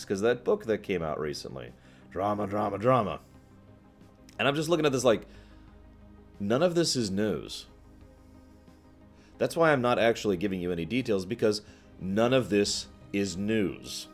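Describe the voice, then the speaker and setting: A man with a very low voice hosts a relaxed livestream, rambling from thought to thought and replying to viewers' comments. He laughs easily at his own jokes. Soft music plays faintly behind him. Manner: chatty, rambling, answers viewer comments as he goes. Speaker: livestream host. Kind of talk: casual livestream chat.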